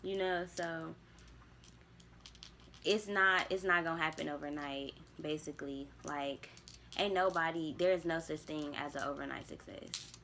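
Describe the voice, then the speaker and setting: A woman's voice: deep voice, steady tone, unhurried, sharp tone, slight background noise. A young woman, talking candidly to herself on camera about spiritual growth, with casual swearing. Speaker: vlogger. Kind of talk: casual reflective monologue.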